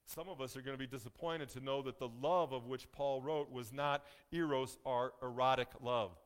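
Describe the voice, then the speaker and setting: A male pastor preaching a sermon in a folksy, joking way, slowing down to stress key phrases. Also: mid-range voice, steady tone. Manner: folksy, joking asides to the congregation; emphatic, slows down on key phrases.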